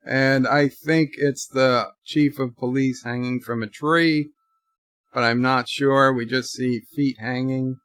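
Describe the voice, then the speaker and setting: A man's voice: medium pitch, steady tone, slow, a bit bright, no echo. A man giving live, off-the-cuff commentary while watching a TV episode, thinking aloud and describing what happens on screen. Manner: thinking aloud, describing scenes as they play. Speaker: channel host and commentator.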